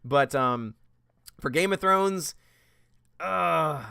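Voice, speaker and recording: Male livestream host, slightly high and smooth voice, chatty and quick to laugh while reading chat. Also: bright, forceful tone, dry recording, clean studio sound. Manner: chatty, laughs often, reads chat comments aloud.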